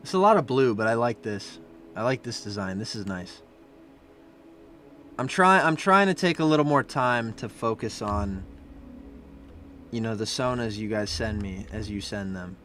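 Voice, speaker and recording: A young man streaming as he reviews fan art, chatting casually and breaking into loud, profane rants. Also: lowish voice, expressive, normal speed, pauses often, a little hiss or hum. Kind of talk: live-stream commentary.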